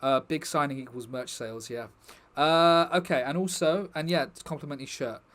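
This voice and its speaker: A man's voice: a little high, normal speed, fairly bright tone. Chatty man wrapping up a stream. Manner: chatty, rambling, jokey asides to chat. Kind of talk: casual chat to stream viewers.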